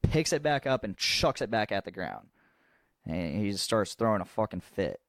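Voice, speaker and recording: A man's voice: on the low side, big pitch swings, normal speed, fairly bright tone, no room sound. A young man co-hosting a podcast, telling a long story in casual chat, rambling and swearing freely with lots of restarts. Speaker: podcast co-host.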